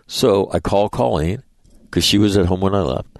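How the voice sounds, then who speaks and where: Deep gravelly middle-aged man telling stories. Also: moderate pace, dry recording. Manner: profane, rambling anecdotes with acted-out dialogue. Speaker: radio show host. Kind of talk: casual storytelling monologue.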